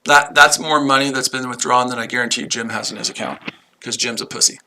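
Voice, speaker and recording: A man's voice: medium pitch, fairly even intonation, a little fast, sharp tone, a little hiss or hum. A man hosting a live trading stream, talking to his chat viewers in a combative, profane way and repeating himself a lot. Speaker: livestream trading host. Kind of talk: unscripted livestream talk to chat viewers.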